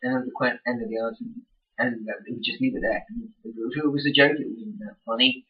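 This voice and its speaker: A man's voice: mid-range voice, fairly even intonation, fairly quick, recorded from a distance, muffled recording. A young man in a casual vlog, ranting with heavy swearing and exasperation. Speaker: vlogger.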